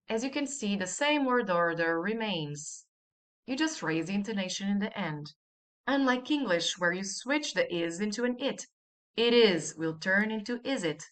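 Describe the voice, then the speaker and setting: A woman's voice: mid-range voice, animated, moderate pace, a bit bright. A woman teaching a language lesson, patiently repeating each example and asking the listener to say it after her.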